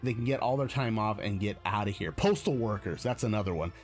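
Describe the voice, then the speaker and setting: A man's voice: fairly low pitch, fairly quick, faint music behind. A man from the United States hosting a live stream, chatting casually in a rambling, self-correcting way with frequent chuckles. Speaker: streamer host.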